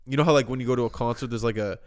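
A man's voice: mid-range voice, fairly even intonation, racing, a little mellow. A young man co-hosting a podcast, chatty and eager to jump into stories, ask questions, and steer the show. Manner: chatty, eager to chime in and prompt. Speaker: podcast co-host. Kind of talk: casual chat.

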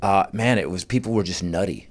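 A man who works as a stand-up comedian tells club stories in a podcast conversation, talking in an animated, profane way and laughing often. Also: low-pitched, fairly quick.

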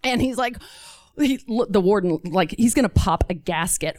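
Animated woman telling a story on stage. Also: on the high side, moderate pace, no room sound, clean studio sound. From Texas. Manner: animated, acts out voices of others. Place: stage before a live audience.

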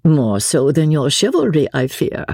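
A woman plays a witty young noblewoman in a storybook reading, coquettish and sarcastic in her teasing. The voice is husky with a gravelly edge and animated pitch. It sounds dry and close. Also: unhurried, dry recording, full character voice. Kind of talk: audiobook character reading.

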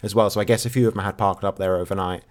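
Man, podcast co-host, dry deadpan humour, rambling, fairly low voice. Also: very fast. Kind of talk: casual chat.

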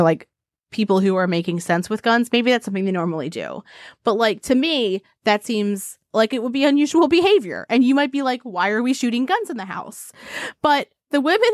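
A woman from Arizona co-hosting a casual podcast, animated, laughing often and swearing freely. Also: fairly high pitch, no echo, studio quality. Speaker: podcast co-host. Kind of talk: casual chat. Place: home.

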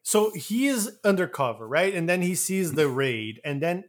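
A man's voice: a little high, big pitch swings, moderate pace. A man chatting casually about a film, rambling, swearing and acting out characters as he retells scenes. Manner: rambling, swearing, acts out characters mid-story. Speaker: podcast co-host.

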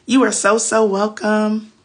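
A woman's voice: mid-range voice, flat delivery, a little slow. A woman hosting a faith podcast, giving casual Bible teaching on a phone livestream in a chatty, preachy way with loose slang.

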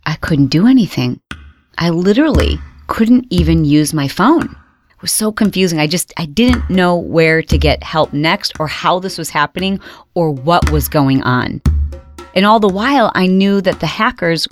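A woman host telling her own story with dramatic storytelling, reliving her panic with sudden high exclaimed outbursts. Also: animated, moderate pace, soft background music. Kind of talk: dramatic first-person storytelling.

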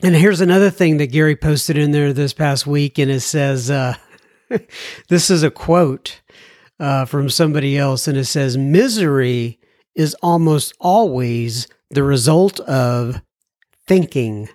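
A man's voice: a little high, measured pace, darkish tone, dry recording, studio quality. A man with a Texan accent hosting a podcast, chatting casually as he reads listener mail, folksy and full of fillers. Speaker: podcast host.

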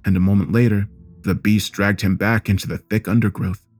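A man narrating a first-person horror story in a steady, grave manner. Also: lowish voice.

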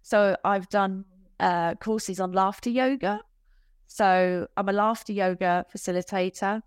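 Chatty, quick-laughing woman on a dry recording. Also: mid-range voice, clean tone, dry recording. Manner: chatty, laughs easily, self-deprecating asides. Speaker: business coach guest. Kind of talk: casual podcast interview.

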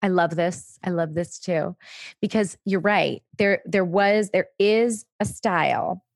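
A woman's voice: on the low side, takes it slowly, creaky, no room sound, studio quality. A woman speaking as the expert guest in a conversational interview, explaining patiently and now and then acting out what a parent might say. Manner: explanatory, briefly acts out parent and child lines. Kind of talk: casual chat.

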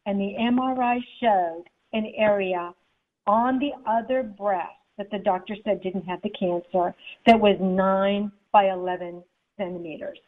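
Animated woman storyteller on a tinny line. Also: medium pitch, a little slow. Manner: animated, acts out the people in her story. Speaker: guest author. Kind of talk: storytelling in an interview.

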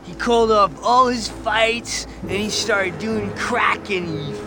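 A rambling stoner tells his tale slowly and dramatically. His voice sits high and takes its time. Music plays clearly behind him. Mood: solemn. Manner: drawn-out, dramatic storytelling. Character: slow rambling male stoner telling a tall tale.

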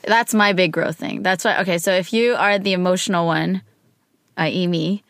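Co-host, female, low-ish voice, expressive and candid, dry close sound. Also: moderate pace, dry recording. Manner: expressive and candid, acts out her own outbursts. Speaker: podcast co-host talking with her partner. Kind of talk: casual chat.

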